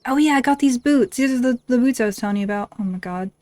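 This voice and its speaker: A woman streaming a game, reacting in excitable, foul-mouthed casual commentary. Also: on the high side, fast talker, no room sound. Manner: excitable, swearing, laughing reactions.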